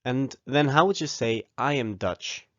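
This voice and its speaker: Man teaching a slow, clear lesson. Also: medium pitch, dry recording, dull audio. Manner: slow, deliberate model pronunciation with pauses for repeating. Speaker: language teacher. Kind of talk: scripted language lesson.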